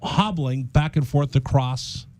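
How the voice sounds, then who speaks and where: A man hosting a casual radio talk show, telling a story in an animated way in a studio. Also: medium pitch, slow. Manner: animated storyteller, acts out quoted voices.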